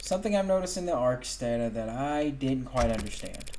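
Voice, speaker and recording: A man voicing a cold, calculating male killer who narrates his own crimes in a measured, smug inner monologue, read from a story game. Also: medium pitch, animated, warm tone, a little hiss or hum, lightly acted. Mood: calm, measured. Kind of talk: reading a game's dialogue aloud.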